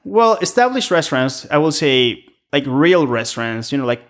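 On a podcast, a man who works in restaurants rambles through casual stories about the job. His voice runs on the high side with big pitch swings, at a moderate pace.

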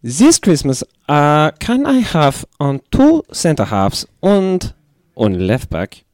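A man putting on a jokey German accent to voice a male football manager writing to Santa, reading haltingly. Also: a little high, wildly swooping pitch, a little mellow, no echo, clean studio sound, pitched above the performer's own voice, full character voice. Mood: jovial. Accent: put-on German. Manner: halting, hesitant reading of a letter.

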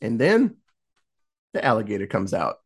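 In a casual podcast chat, a man with a lowish, creaky voice with a breathy edge recaps a horror film at normal speed. He tells it with animation, acting out the characters' lines, laughing and swearing.

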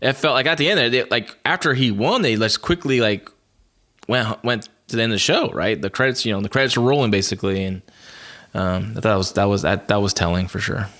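A man co-hosting a podcast in casual chat, halting, with many restarts and fillers. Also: on the low side, fairly bright tone. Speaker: podcast co-host.

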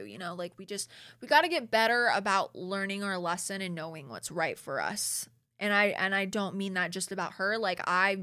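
A young woman in her twenties hosting a casual solo recap, animated and exasperated, peppering her talk with "like" and blunt slang. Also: medium pitch, no room sound, clean studio sound. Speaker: podcast host recapping a reality show.

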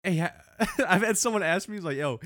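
Animated slangy man telling stories. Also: high voice, a little fast, dry recording, studio quality. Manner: animated storyteller, laughs often, slangy. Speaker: podcast co-host. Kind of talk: casual chat.

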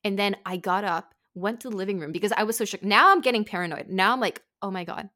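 A woman hosting a podcast, telling a story in casual chat, animated, swearing and saying "like" a lot. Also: medium pitch, fast talker. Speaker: podcast host.

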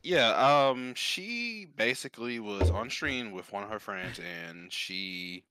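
A man's voice: on the low side, animated, slow pace, background noise. A man co-hosting a casual podcast who talks hesitantly, with many fillers. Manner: hesitant, many ums and likes. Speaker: podcast co-host.

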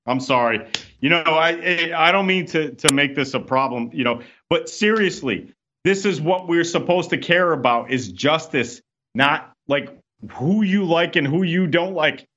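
A man's voice: fairly high pitch, expressive, a little slow, pushed and bright, lo-fi sound. A man on a talk radio show, a guest ranting in an exasperated way and repeating himself.

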